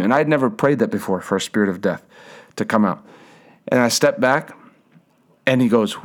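A man's voice: medium pitch, fairly quick. A young man preaching a sermon, telling a personal story with emphatic repetition and frequent restarts. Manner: emphatic, repeats phrases, restarts words.

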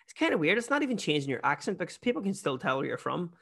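Guesting on a podcast, this Northern Irish stand-up comedian talks casually in a Newry accent, self-deprecating and constantly restarting. His voice sits on the high side, husky and gravelly with a fairly bright tone, and he fires off words rapidly and with great animation.

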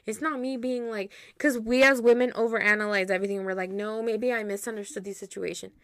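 A young woman co-hosting a podcast in casual chat, talking with lots of "like" and retelling stories in an animated way. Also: medium pitch, brisk, dry recording, studio quality. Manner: chatty, heavy use of "like", animated retelling. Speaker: podcast co-host.

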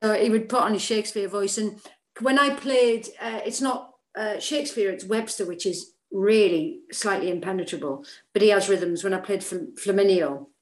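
A woman actor talks casually as an interview guest, chatty and animated, often restarting her sentences. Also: medium pitch, normal speed. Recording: roomy echo.

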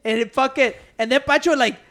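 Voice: high-pitched, quick pace, a bit bright. A speaker telling a rambling story in casual chat, swearing and acting out what others said.

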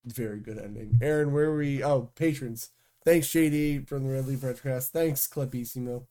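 Joking man with a mellow voice. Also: medium pitch, normal speed. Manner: joking, teasing, swears freely. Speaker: podcast co-host. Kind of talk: casual chat.

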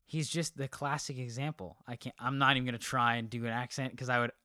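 A man's voice: mid-range voice, steady tone, quick pace, bright, forceful tone, no echo, studio quality. A man co-hosting a movie podcast, chatting casually with many ums and restarts. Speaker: podcast co-host. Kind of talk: casual chat.

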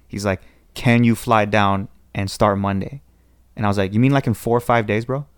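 A man's voice: lowish voice, fairly even intonation, normal speed, smooth, no room sound, clean studio sound. A young man with a Californian accent telling a long rambling story in casual chat, acting out the voices of people in it. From Southern California. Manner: rambling, with restarts and acted quotes. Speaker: podcast guest telling a story.

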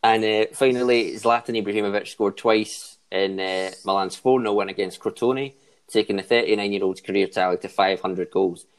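A man's voice: lowish voice, steady tone, moderate pace. A man hosting a casual football chat, cracking pun-filled jokes and laughing at them. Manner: jokey, laughs at his own puns. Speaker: podcast host. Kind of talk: casual chat with joke segments.

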